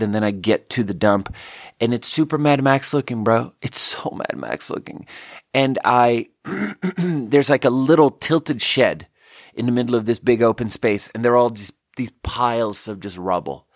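A man's voice: mid-range voice, a little slow, no room sound, studio quality. A man from Sweden, telling a rambling story in a casual solo monologue full of "like". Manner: casual, meandering, lots of "like".

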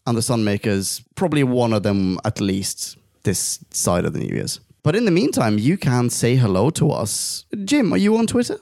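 Lively-voiced male podcast co-host. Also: mid-range voice, moderate pace, vocal fry, hardly any pauses, dry recording, clean studio sound. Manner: playful, reads listener reviews aloud. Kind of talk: casual podcast chat.

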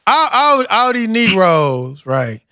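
A man's voice: high-pitched, very animated, slow pace, bright, forceful tone, clean tone, dry recording, clean studio sound. A man hosting a casual roundtable, talking emphatically and profanely, repeating words as he builds a point.

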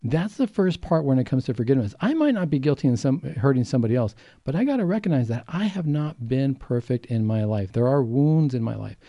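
A male doctor co-hosting a faith talk program explains his points earnestly and acts out the voices he quotes. His voice is very dark and mellow. The sound is dry and close. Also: mid-range voice, very animated, fairly quick, hardly any pauses, no echo. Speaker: doctor and co-host. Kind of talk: faith talk show discussion.

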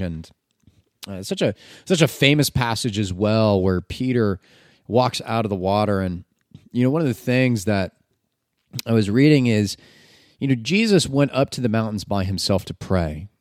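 A man's voice: lowish voice, animated, moderate pace, a little mellow, dry recording, clean studio sound. A man reading scripture and then preaching about it in an earnest, conversational way, with filler words.

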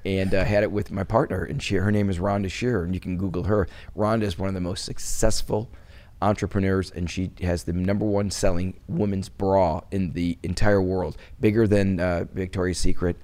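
A middle-aged interview guest from Wisconsin, USA, speaks briskly in a low voice with little pitch movement. In casual conversation he rambles and restarts often, and his tone softens when he recalls loss.

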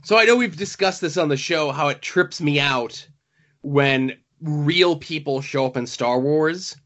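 A man's voice: a little high, a little slow, a bit bright. A man co-hosting a podcast, chatting casually in a wry, playful way. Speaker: podcast co-host. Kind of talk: casual chat. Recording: dull lo-fi audio.

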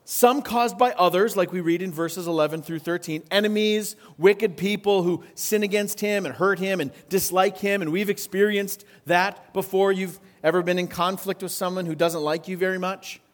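A man with a fairly high voice preaches to his congregation. He talks in a relaxed, conversational way. He keeps asking his listeners questions as he goes. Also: normal speed, hardly any pauses. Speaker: pastor. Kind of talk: sermon.

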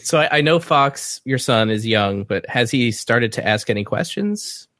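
A woman asking brisk questions as a podcast co-host in a casual interview. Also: very deep voice, expressive, a bit bright, no room sound, studio quality.

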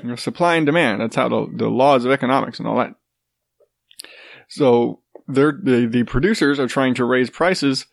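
A man's voice: medium pitch, moderate pace, vocal fry, no echo. Stuffy-nosed man ranting casually. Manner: rambling, sarcastic, swears freely. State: congested, stuffy nose. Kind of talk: casual profane chat.

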